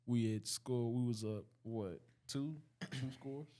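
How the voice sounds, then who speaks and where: A young man in his late teens, a high school student, casually telling a story in a laid-back way with frequent fillers and restarts. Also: steady tone, slow pace, mellow.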